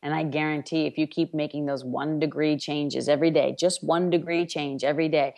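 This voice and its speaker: A woman from New York with a notably low voice hosts a self-help radio program. She talks emphatically into a studio microphone and leans on chant-like repetitions. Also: fairly even intonation, brisk, creaky, hardly any pauses, a little mellow. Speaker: radio show host.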